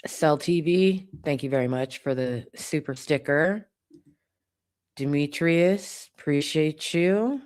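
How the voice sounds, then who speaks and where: A chatty woman hosting a livestream, thanking viewers one after another. Her delivery is relaxed and conversational, with a casual swear now and then. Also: low-pitched, slow. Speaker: livestream host. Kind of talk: casual livestream chat, reading viewer donations.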